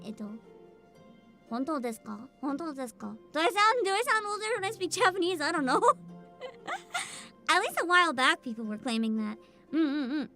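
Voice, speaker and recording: A woman VTuber chatting casually with her livestream viewers in a high, youthful voice, bubbly and animated, with frequent swearing. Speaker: VTuber streamer.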